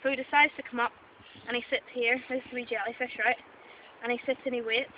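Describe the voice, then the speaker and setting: A Northern Irish woman with a high voice plays a mock expert in an improvised mock documentary, talking fast in a level tone. She rambles playfully, sprinkling in plenty of "wee" and "right?". The audio is dull lo-fi camera sound with loud background noise.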